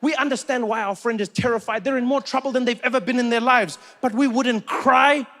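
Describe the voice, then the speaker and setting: High-voiced South African comedian. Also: male voice, fairly quick. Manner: animated storytelling with repetition. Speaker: stand-up comedian. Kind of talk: stand-up comedy set.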